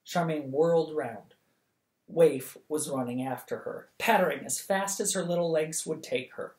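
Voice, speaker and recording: A reader narrating a novel for bedtime at a steady, lively pace. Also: medium pitch, unhurried. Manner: steady, lively, acts out the dialogue. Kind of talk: audiobook reading of a novel. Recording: echoey room.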